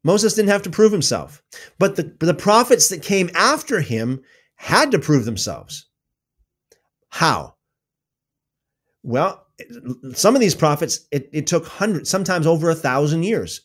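A man giving an animated religious talk, answering viewer questions with emphatic repetition and loud exclamations. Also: a little high, measured pace, long pauses. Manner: emphatic, repeats words, swings into loud exclamations.

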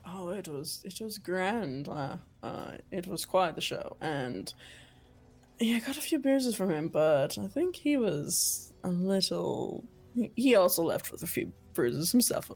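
A woman voicing a boisterous female brawler in a tabletop game, speaking low and gruff. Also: lively intonation, unhurried, darkish tone, exaggerated voice. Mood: boastful.

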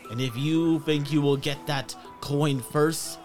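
A man's voice: fairly high pitch, steady tone, darkish tone, faint music behind. Captain Davis, a man doing a pompous pirate captain. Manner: pompous, slow and formal. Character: boastful adult male pirate captain.

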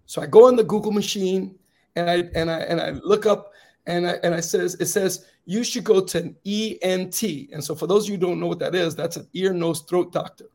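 Gravelly-voiced man telling a heartfelt story. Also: steady tone, fairly quick. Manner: earnest storyteller, quiet and grave at low points, rising to rousing encouragement. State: slightly raspy. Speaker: guest speaker.

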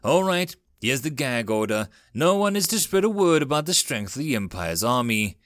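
A steady captain who gives orders calmly and firmly, as a male narrator plays him. The delivery moves a lot in pitch and sounds dry and close. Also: moderate pace, dry recording. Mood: commanding. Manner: calm, authoritative. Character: calm, commanding male starship captain.

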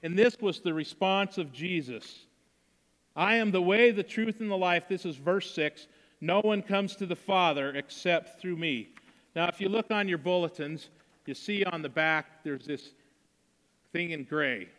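Male pastor, higher voice, bright and forceful, conversational sermon in a reverberant church. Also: a little slow. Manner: conversational preaching, acts out quotes.

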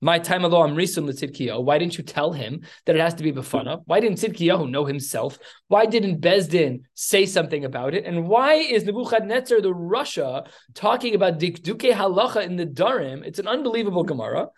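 A man leading a text study class, telling the story with animated asides. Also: high voice, brisk, few pauses.

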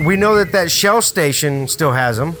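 Man, podcast host, higher voice, animated and profane, noisy recording. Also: moderate pace. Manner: animated, swearing storyteller. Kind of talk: casual beer-review podcast chat. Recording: noisy room.

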